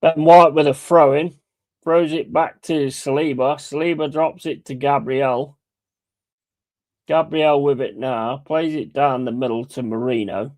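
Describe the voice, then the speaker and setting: A man hosting a football watch-along, calling play-by-play in a blunt, excitable and heavily sweary way. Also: medium pitch, unhurried. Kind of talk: live match commentary.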